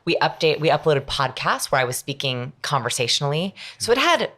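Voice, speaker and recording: A middle-aged woman, a guest on an interview podcast, explaining her ideas in an energetic, emphatic way with lots of examples. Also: low voice, fairly quick. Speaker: guest, behavioral researcher. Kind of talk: conversational interview.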